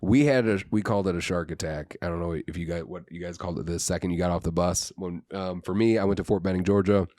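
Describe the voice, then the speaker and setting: A man's voice: deep voice, fairly even intonation, fast talker, few pauses, a little mellow, no room sound, clean studio sound. A man co-hosting a podcast, telling rambling stories in casual chat and swearing freely. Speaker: podcast co-host.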